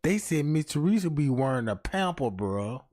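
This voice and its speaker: Animated slangy man ranting on a stream. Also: a little high, normal speed. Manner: animated, swearing, slangy, keeps asking the chat. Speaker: livestream host. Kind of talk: comedic livestream rant.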